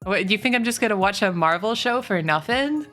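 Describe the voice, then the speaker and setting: Woman streamer, casual chatty ranter, bright tone, faint music behind. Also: mid-range voice, fairly quick. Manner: chatty, swearing, animated rants. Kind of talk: casual stream chat, reading chat.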